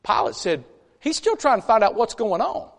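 A man preaching a conversational sermon in a church, folksy and animated, with chatty asides between scripture readings. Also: high-pitched, normal speed, gravelly. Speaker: pastor. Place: church sanctuary. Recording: long church reverb.

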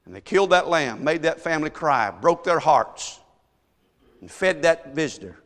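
Storytelling preacher in an echoing hall. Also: male voice, fairly high pitch, expressive, normal speed. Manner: storytelling preacher, swinging from hushed asides to shouted emphasis. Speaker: pastor. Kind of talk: sermon. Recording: long echo of a large hall.

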